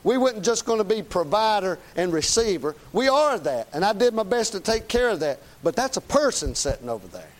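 A man's voice: high voice, sing-song, a little fast, hardly any pauses. A middle-aged man, preaching a folksy, plain-spoken, emphatic sermon. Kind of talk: conversational sermon.

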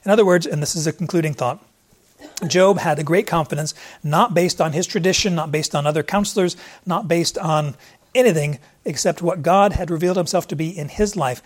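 Male preacher, higher-pitched, earnest and conversational, frequent restarts. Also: brisk. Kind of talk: expository sermon.

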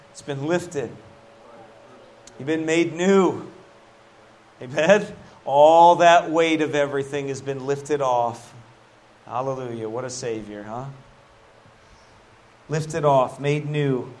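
A man's voice: medium pitch, a little hiss or hum. A middle-aged man preaching a sermon as pastor, folksy and emphatic, often dropping a casual "man" into his lines.

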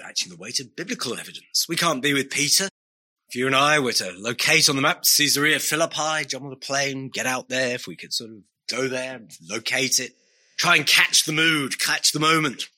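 Bright-voiced preacher. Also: male voice, medium pitch. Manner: earnest, pleading rhetorical questions. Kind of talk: sermon.

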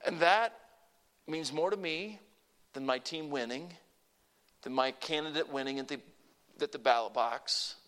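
An older male pastor preaching with a high-pitched voice. He delivers his sermon emphatically, dropping to a hush and then rising loud again, and he asks the congregation to repeat short phrases back to him.

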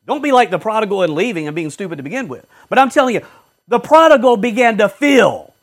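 A man preaches a fervent sermon at a fast clip, swinging from loud exhortation down to low murmurs. His pitch swings widely, and he acts out short quoted voices.

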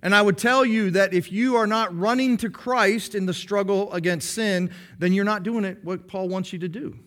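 Emphatic high-voiced male preacher. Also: steady tone, a bit bright. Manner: emphatic, slows down to stress key phrases; explains patiently to a congregation. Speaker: pastor. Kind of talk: sermon.

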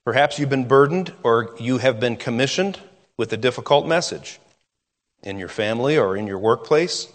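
Male preacher, earnest, drops to soft pauses for emphasis; long hall reverb. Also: mid-range voice, lively intonation. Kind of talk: sermon.

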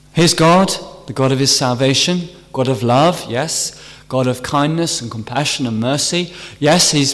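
Preacher in an echoing hall. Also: male voice, fairly high pitch. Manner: earnest expository preaching, rising emphasis on key phrases. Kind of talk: sermon. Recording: long hall reverb.

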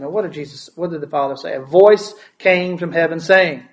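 Male pastor, slightly high-pitched, preaches with questions and repetition. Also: fairly quick, few pauses, low-quality recording. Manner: asks the congregation questions, repeats words for emphasis. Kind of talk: sermon.

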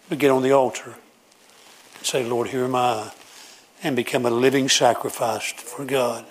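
A man's voice: mid-range voice, steady tone, normal speed, slight background noise. A man preaching a sermon, emphatic and repetitive as he pleads with his congregation.

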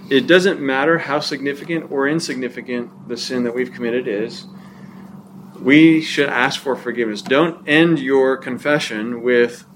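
A man teaching a church class in a relaxed, conversational way, with frequent fillers and restarts. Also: mid-range voice, a little hiss or hum. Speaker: pastor or teacher.

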